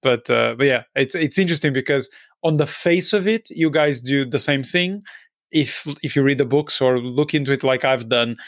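A man's voice: mid-range voice, normal speed, no echo, clean studio sound. A man hosting a podcast interview, thoughtful and fair-minded, often restarting his sentences. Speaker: podcast host.

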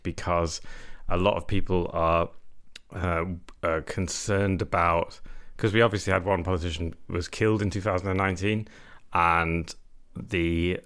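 A man's voice: low-pitched, fairly bright tone, clean tone. A tipsy man co-hosting a podcast, chatting about the news in a rambling way, full of fillers and restarts. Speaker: podcast co-host. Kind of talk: casual chat about news.

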